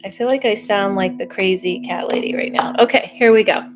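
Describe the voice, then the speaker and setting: Young adult woman, casual psychic livestream host, chatty and self-interrupting, mid-pitched, soft music bed. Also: fairly quick. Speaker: psychic medium doing live readings.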